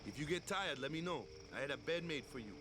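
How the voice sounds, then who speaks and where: A laid-back, protective athlete. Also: male voice, a little high, animated, fast, sharp tone, a little hiss or hum. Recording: game audio with background music.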